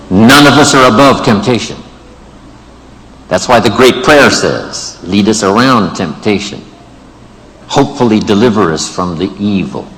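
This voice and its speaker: A man with a fairly low voice delivers an emphatic motivational speech, stacking phrase upon repeated phrase. He addresses a live audience in a large room with tables, and his voice rings with a long hall reverb. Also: a bit bright, slight background noise. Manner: repetitive rhetorical lists, emphatic. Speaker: motivational speaker.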